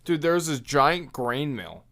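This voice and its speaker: A man's voice: a little high, sing-song, slow, fairly bright tone. A man co-hosting a casual podcast, trading laid-back jokey banter. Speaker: podcast co-host. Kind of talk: casual chat.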